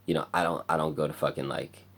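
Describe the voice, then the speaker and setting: A man's voice: fairly even intonation, fast talker, slightly rough. A man talking in a rambling, profane casual monologue for his vlog. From United States. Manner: profane, rambling, breaks into loud high singing. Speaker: vlogger.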